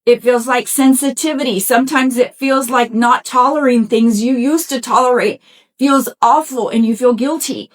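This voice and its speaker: A middle-aged woman with a slightly raised pitch speaks as a podcast host. She gives a motivational self-help talk in a warm-hearted, conversational way, addressing listeners directly and often asking "right?". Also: normal speed. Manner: encouraging and conversational, talks straight to listeners; folksy, with frequent "y'all" and "right?".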